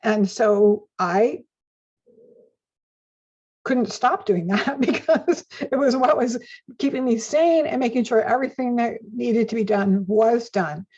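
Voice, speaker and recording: An older woman speaking as an interview guest in an animated way, laughing often, heard on a dull lo-fi recording. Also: a little high, slow pace, husky. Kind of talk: conversational interview.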